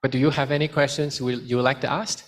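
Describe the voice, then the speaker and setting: A man's voice: medium pitch, fast. Man giving a study seminar. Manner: lively, mixes in Malay phrases. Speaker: study skills speaker. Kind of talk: seminar talk with Q and A.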